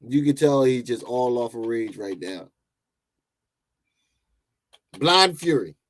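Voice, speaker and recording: A man's voice: medium pitch, lively intonation, moderate pace. Mocking, laughing man reacting to a clip. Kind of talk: reaction commentary.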